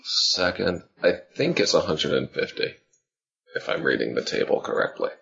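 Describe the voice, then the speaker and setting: A man's voice: low voice, sing-song, normal speed, vocal fry, a bit bright. A man playing a tabletop game, speaking politely and a bit formally with hesitations. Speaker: player. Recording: dull lo-fi mic.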